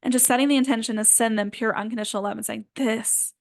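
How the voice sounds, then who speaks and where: A woman energy healer giving casual spiritual guidance in a gentle, rambling way with many fillers. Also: on the high side, steady tone, rapid-fire, creaky, dry recording, clean studio sound.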